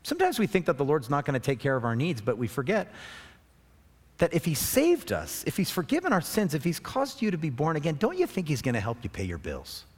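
A middle-aged man preaching a sermon as pastor, animated, moving between soft tender passages and loud urging calls. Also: on the high side, brisk, breathy edge. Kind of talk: expository sermon. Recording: long reverb of a large hall.

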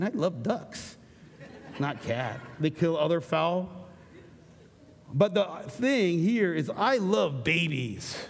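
A middle-aged man preaching a sermon as pastor, animated and jokey, slipping into acted asides. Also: medium pitch, long reverb tail.

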